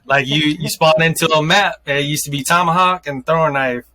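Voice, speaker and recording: A man's voice: fairly high pitch, brisk, a loud crowd. A man hosting a casual podcast, telling a hypothetical story and acting out people's reactions as he goes. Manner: storytelling, acts out quoted reactions. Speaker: podcast host.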